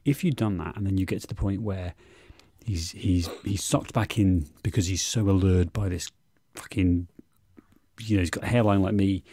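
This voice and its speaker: A man co-hosting a casual comedic podcast about a movie, rambling and animated, swearing freely. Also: low-pitched, normal speed, no echo, studio quality. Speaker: podcast co-host.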